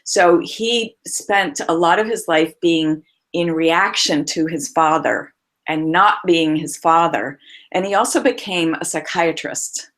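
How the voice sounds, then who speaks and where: A woman's voice: lowish voice, takes it slowly, a bit bright. A woman voice coach, a guest on a remote call, telling client stories expressively with frequent laughs.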